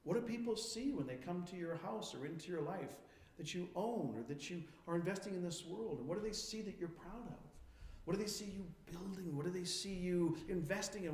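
A man preaching a sermon as a pastor, firing questions at his congregation and moving between quiet reflection and emphatic points. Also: high-pitched, roomy sound.

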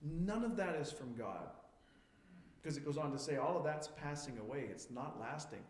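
A higher-pitched man delivers a sermon to his congregation, peppering them with questions. He swings between hushed, reflective lines and loud, emphatic ones, and his voice rings around a roomy church hall. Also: animated. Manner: asks the congregation rapid questions, shifting from quiet to emphatic. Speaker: pastor.

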